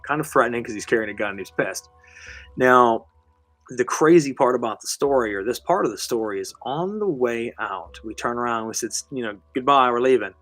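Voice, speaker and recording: A man's voice: medium pitch, expressive, brisk, fairly bright tone, no room sound, soft background music. A man hosting a live show, telling a story in a casual, rambling, conversational way with casual swearing. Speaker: host.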